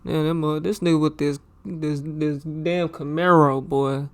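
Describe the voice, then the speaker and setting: A man hosts a reaction show with a slightly high, smooth, clean voice. He comments on a crime documentary in loose, slangy chat and keeps circling back to the same points. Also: fairly even intonation, a little slow. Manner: loose slangy talk, repeats himself, says "bro".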